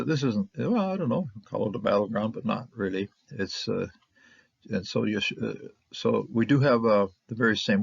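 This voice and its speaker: A man teaching a casual Bible Hebrew lesson, halting and full of fillers, sounding out syllables one by one. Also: lowish voice, creaky, husky, dry recording, highs cut off.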